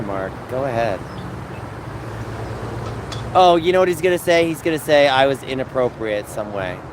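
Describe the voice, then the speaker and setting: Animated gay man talking to his stream. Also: fairly high pitch, background noise. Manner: animated, confrontational, addresses chat by name. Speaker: livestream host. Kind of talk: casual livestream chat.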